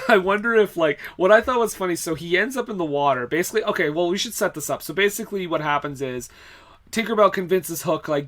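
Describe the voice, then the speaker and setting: This podcast co-host has a high, animated voice with a fairly bright tone, and he talks a little fast. He recaps film scenes in a casual movie-review chat, laughing often and filling his speech with fillers.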